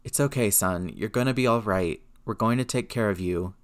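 A man reading as a calm, firm field medic. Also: lowish voice, normal speed, clear, resonant tone, lightly acted. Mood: reassuring.

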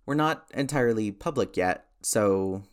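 A man's voice: fairly low pitch, lively intonation, measured pace. A man doing an earnest old-fashioned soldier.

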